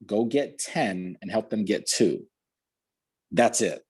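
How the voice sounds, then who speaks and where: Husky-voiced man giving a pep talk. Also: on the low side, measured pace. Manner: energetic, repetitive, pep-talk delivery. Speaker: guest speaker. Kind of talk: motivational talk. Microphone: video call.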